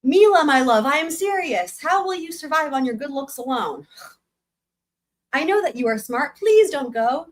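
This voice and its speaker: A woman's voice: sits high, expressive, normal speed, voice pushed up. A woman voicing a desperate middle-aged mother begging her daughter to stay, in a dramatic reading. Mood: pleading. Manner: begging, insistent.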